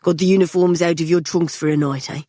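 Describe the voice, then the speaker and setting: A woman's voice: fairly low pitch, steady tone, fast, warm tone, dry recording, studio quality, close to an everyday voice. A woman voicing a young man who speaks casually and evenly with a veiled threat in an audiobook. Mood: calm, menacing. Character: young man, calm and quietly menacing.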